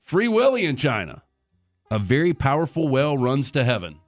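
Male radio host, middle pitch, dry studio sound, faint music under him. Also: wildly swooping pitch, no echo. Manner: reads stories briskly, then jokes around. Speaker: radio show host reading news items. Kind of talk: radio show banter and news reading.

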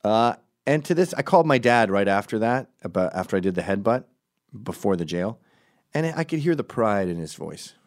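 A middle-aged man with a fairly low voice tells a story in a loose, casual way. He riffs and wanders, then jumps into the voices of the people he quotes. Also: very animated, brisk.

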